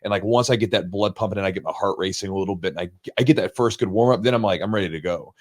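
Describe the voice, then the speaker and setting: A man's voice: on the low side, rapid-fire, darkish tone. A man hosting a podcast, asking questions in a conversational way and sharing his own experience first. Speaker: podcast host. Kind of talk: casual interview talk.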